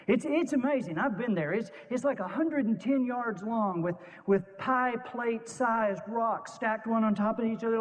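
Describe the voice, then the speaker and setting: A man with a high voice tells a dramatic story to a room, punching out short, vivid lines and acting out the quotes. His voice carries a long reverb, as though he is speaking in a large hall. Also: lo-fi sound. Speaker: speaker telling a war story.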